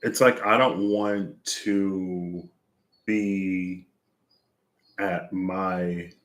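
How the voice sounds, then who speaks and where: A man with a low, fairly bright voice and fairly even intonation speaks extremely slowly while out of breath. He's a tarot reader doing a reading, thinking aloud in a rambling, searching way full of fillers, like a reflective casual monologue.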